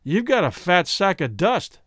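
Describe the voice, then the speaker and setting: A man voicing a scheming, smooth-talking man who speaks with deliberate, mock-polite slowness. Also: high voice, big pitch swings, a bit bright, no echo, clean studio sound, voice pushed up, exaggerated voice. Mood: smug. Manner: deliberate, judicial, mock-apologetic.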